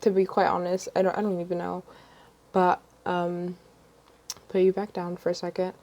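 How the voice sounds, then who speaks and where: Young woman vlogger, rambling livestream chat, lowish voice, lots of ums. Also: monotone, moderate pace, darkish tone, muffled recording. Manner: rambling, many ums and restarts.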